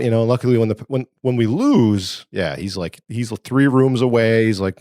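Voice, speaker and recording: Rambling, low-voiced male podcast host. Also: normal speed, darkish tone, no room sound, studio quality. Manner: rambling, laughing storyteller. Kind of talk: casual podcast chat. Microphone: remote call setup.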